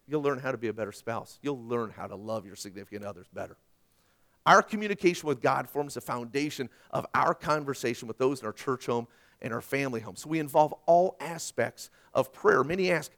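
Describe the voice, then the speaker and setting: Male pastor, high voice with a lively, wide-ranging delivery; conversational preaching, from forceful emphasis down to quiet words. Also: a little fast. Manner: animated, swinging from loud emphatic lines to hushed ones; conversational preaching with personal anecdotes. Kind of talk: sermon.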